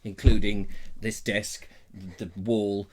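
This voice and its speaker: A man's voice: lowish voice, flat delivery, takes it slowly, a little mellow. A man from England hosting a live stream, chatting in a jokey, rambling, theatrical way on a lapel mic. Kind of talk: casual live chat.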